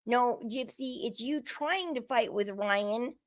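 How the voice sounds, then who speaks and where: A woman's voice: fairly high pitch, takes it slowly, no echo. A woman hosting her own show, giving indignant, opinionated commentary on a reality show and repeating herself as she builds each point. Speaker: show host.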